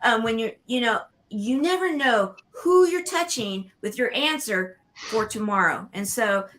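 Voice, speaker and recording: Bright-voiced woman co-hosting, halting. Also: fairly high pitch, expressive. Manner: halting, searching for words. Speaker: show co-host. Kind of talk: online show interview. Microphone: video call.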